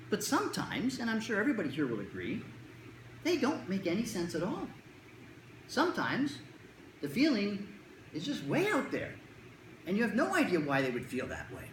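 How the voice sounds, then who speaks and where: A presenter giving a talk to parents on child anxiety in a conversational, jokey way, acting out quotes. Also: medium pitch. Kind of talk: lecture to parents. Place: lecture room with an audience. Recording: roomy echo, faint room noise.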